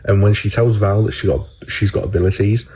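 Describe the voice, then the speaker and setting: A man's voice: lowish voice, steady tone, brisk, dark tone, slightly rough, rough recording. A man casually recapping a TV episode for his channel, rambling with lots of filler words and swearing.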